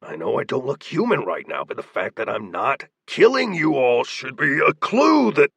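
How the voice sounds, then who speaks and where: Man as unflappable monster hero, dry grumbling, husky. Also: mid-range voice, big pitch swings, normal speed, a bit bright, dry recording, full character voice. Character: monstrous cloaked male hero, wry and unflappable.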